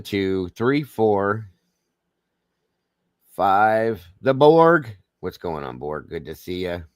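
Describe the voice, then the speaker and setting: A man from the Southern United States, with a Southern American accent, hosts a livestream and welcomes viewers one at a time in a folksy, friendly manner. His voice is lowish, and the recording is clean studio sound with no echo.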